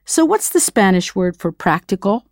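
Woman, language teacher, scripted audio lesson, playful quizzing manner, middle pitch, dry close sound. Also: sing-song, normal speed, no echo. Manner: playful, quizzing the listener with questions.

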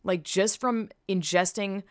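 A woman's voice: mid-range voice, fairly even intonation, unhurried, dry recording, studio quality. A young woman hosting a podcast and chatting casually on a headset mic, candid and profane, drifting from one tangent to the next. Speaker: podcast host. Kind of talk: casual rambling chat.

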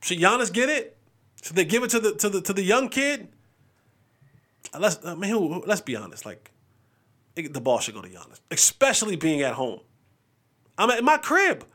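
A young adult man hosting a casual sports podcast, joking, animated and restarting his sentences often. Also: sits high, brisk, pauses often. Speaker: podcast host.

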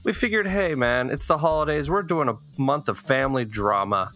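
A man's voice: mid-range voice, lively intonation, moderate pace, fairly bright tone, soft background music. A man hosting a casual podcast panel, rambling and joking. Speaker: podcast host.

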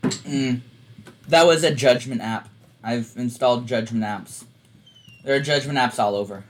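A man's voice: medium pitch, slight background noise. Rambling man co-hosting a casual chat. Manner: rambling, halting, full of fillers. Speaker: podcast co-host.

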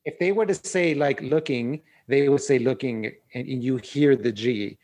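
A man co-hosting a relaxed conversation, explaining and thinking out loud. His voice is medium-pitched and ordinary. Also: moderate pace. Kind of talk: casual chat.

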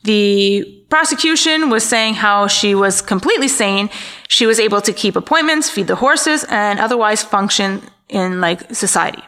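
A woman's voice: medium pitch, animated, normal speed, sharp tone. A woman co-hosting a podcast, casually recounting a true-crime story with wry asides and stumbles over names. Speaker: podcast co-host.

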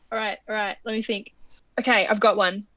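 A woman's voice: mid-range voice, steady tone, normal speed, a bit bright, dry recording, highs cut off. A woman co-hosting a podcast in casual chat, playful, laughing often and swearing freely. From Australia. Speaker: podcast co-host.

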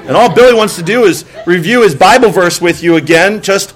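A man's voice: high voice, animated, fast talker, few pauses, a bit bright. A man preaching a sermon as pastor, conversational, with repeated rhetorical questions and acted-out outbursts. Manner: conversational, acts out exasperated outbursts; frequent rhetorical "right?" and repeated words. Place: church.

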